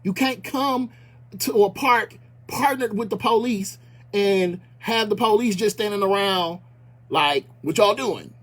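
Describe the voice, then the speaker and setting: A man's voice: high-pitched, measured pace, a bit bright. A man from Milwaukee, a community activist, talking bluntly and passionately with a lot of profanity. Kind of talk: impassioned casual talk.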